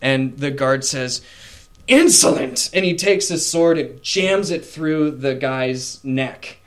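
A man's voice: mid-range voice, takes it slowly, clear, resonant tone. Man narrating as game master. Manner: casual, with fillers and voiced characters.

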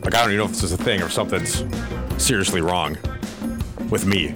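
Low-voiced man rambling through a story. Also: quick pace, loud music behind the voice. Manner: rambling storyteller with frequent restarts and acted-out asides. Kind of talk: casual studio chat.

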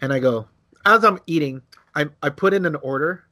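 A man co-hosting a podcast, telling a casual story, acting out quotes with big jumps in his voice and swearing freely. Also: moderate pace. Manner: animated, acts out quotes with big pitch jumps. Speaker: podcast co-host.

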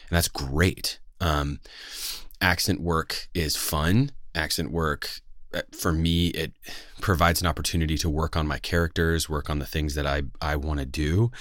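A man's voice: very deep voice, steady tone, unhurried, a bit bright, dry recording, clean studio sound. A man who is a voice actor, with a West Coast American accent, talking earnestly to camera with many fillers and restarts. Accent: General American, West Coast. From West Coast of the United States. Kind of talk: casual talk to camera.

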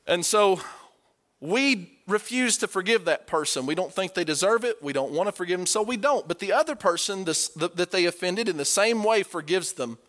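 A man preaching a sermon, animated and emphatic, rising to forceful peaks as he drives his points home. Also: sits high, moderate pace.

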